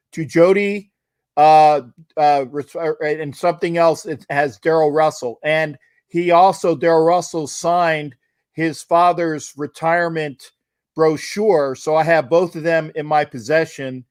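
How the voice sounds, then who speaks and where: A man hosting a casual interview, telling a story in an animated way over a video call. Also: fairly high pitch, unhurried, no room sound, studio quality. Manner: animated storyteller, acts out quotes excitedly. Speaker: podcast host.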